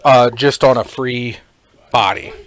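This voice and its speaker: A man's voice: mid-range voice, steady tone, takes it slowly, fairly bright tone. A man co-hosting a show, chatting casually and explaining card rules with lots of fillers. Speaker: co-host. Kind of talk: casual card-game commentary.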